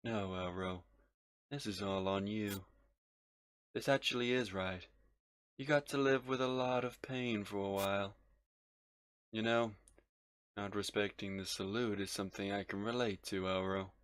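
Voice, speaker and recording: A man voicing a cold, menacing male agent in a video game, speaking slowly, low and threateningly. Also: steady tone, no echo, lightly acted. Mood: cold menace. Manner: slow, low, threatening delivery.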